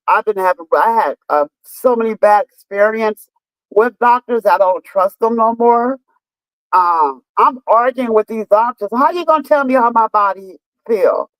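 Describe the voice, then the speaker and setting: A woman's voice: medium pitch, no echo, poor audio. A woman in her fifties chatting casually on a live stream, telling stories emphatically with lots of swearing and talking straight to her viewers. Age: 50s. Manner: profane, emphatic storytelling, talks to viewers.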